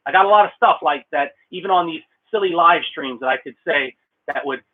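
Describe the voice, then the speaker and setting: A talkative middle-aged man rambles through a casual live stream, laughing often and thanking viewers. His voice sits a little high and sounds husky. The sound is thin and phone-like, from a small room. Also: brisk. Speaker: blacksmith streamer answering viewer questions.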